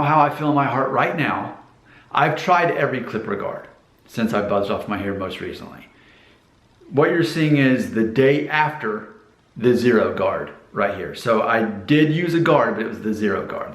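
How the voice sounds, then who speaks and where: A man's voice: mid-range voice, fairly bright tone, reverberant. An American man talking casually to camera in a rambling, self-promoting vlog about hair. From United States. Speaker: vlogger giving hair advice.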